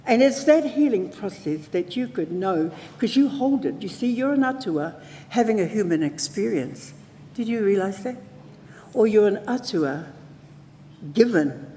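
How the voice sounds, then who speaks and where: A mid-range, dark-toned woman speaks a little slowly but with lively intonation, teaching traditional singing at a conference with sung demonstrations. Her New Zealand accent comes through as she playfully calls out to listeners, with slight hiss or hum, long hall reverb and faint ambience.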